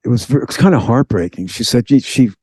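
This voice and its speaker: A man telling a personal story in an interview, animated, acting out the voices of the people in it. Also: mid-range voice, fast, slightly rough, dry recording. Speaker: guest.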